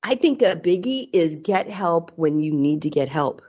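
A woman's voice: on the low side, lively intonation, normal speed, darkish tone. Earnest middle-aged woman, muffled audio. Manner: earnest, candid, frequent restarts. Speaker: podcast guest. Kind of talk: casual interview chat.

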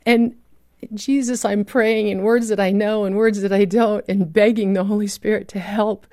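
A woman's voice: mid-range voice, fairly even intonation, normal speed, a little mellow, no room sound, clean studio sound. A woman recounting a dramatic personal rescue story as a guest, vivid and emotional in her telling.

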